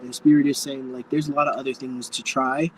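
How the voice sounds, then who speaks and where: A man's voice: mid-range voice, flat delivery, brisk, a little hiss or hum, rough recording. A man giving a live tarot reading to viewers, speaking frankly and campily, calling people darling and swearing freely. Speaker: tarot reader.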